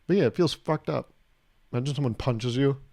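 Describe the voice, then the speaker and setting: A man's voice: medium pitch, a little fast, vocal fry. A man hosting his own podcast, telling comedic stories with lots of swearing and acting out both sides of conversations. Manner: animated, profane, acts out both sides of conversations. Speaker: podcast host. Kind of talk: comedic solo podcast storytelling.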